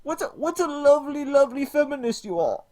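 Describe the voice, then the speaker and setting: A man's voice: extremely high pitch, very animated, a little fast, a little mellow, pitched above the performer's own voice. A man voicing a smug, self-important woman video maker who speaks in grand, theatrical villain speeches. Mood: gloating.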